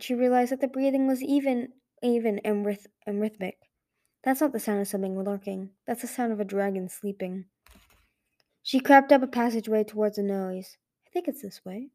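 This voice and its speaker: A woman reading a fantasy novel aloud in a soft, measured narration. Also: mid-range voice. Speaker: audiobook reader. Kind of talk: fan audiobook narration.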